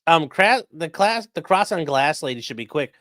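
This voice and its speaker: Lively, bright-voiced man chatting on stream. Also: fairly high pitch, moderate pace, no echo, clean studio sound. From grew up in a rural area. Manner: jokey, animated, mock voices and sudden yells. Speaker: livestream host reacting to a trial. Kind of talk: casual livestream commentary.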